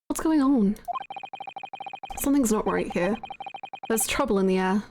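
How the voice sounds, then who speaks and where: A woman's voice: mid-range voice, expressive, unhurried, background noise. A woman voicing a bewildered young man who wakes up in handcuffs, flustered and anxious as she reads game lines aloud. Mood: confused.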